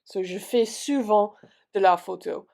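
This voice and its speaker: Her voice sits in the middle range, creaky and mellow, as this young adult woman works through French vocabulary. Each word gets repeated in a slow, patient drill, followed by its English equivalent.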